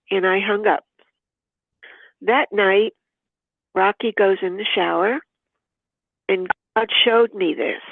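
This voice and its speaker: An older woman speaks as a podcast guest in a gravelly voice, earnest and devout as she acts out remembered conversations. Her voice comes through a thin, phone-like line. The sound is dry, with no room around it. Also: mid-range voice, no room sound. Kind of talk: heartfelt personal storytelling.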